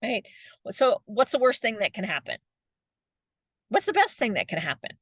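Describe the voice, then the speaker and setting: A woman's voice: a little high, sing-song, moderate pace, a bit bright, husky, dry recording. A middle-aged woman giving a motivational talk as a coach, chatty, laughing often and tagging her points with "right?".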